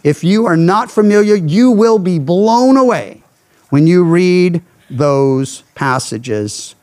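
A man pastor preaching a Bible sermon, earnest and emphatic, letting his phrases fall low at the end. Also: animated, takes it slowly, a little mellow. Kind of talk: expository sermon.

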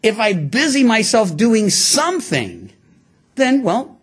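A man preaching a sermon to his congregation, animated and acting out the voices of people in the stories he tells. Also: high-pitched, slow pace, breathy edge. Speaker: pastor. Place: church before a congregation.

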